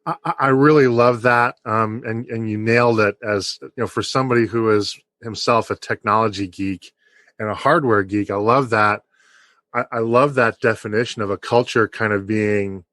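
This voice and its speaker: A man's voice: lowish voice, steady tone, normal speed, a bit bright, no echo. A man hosting a business podcast, asking questions eagerly and stumbling over his openings. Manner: enthusiastic, stumbling restarts. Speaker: podcast host. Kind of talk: podcast interview.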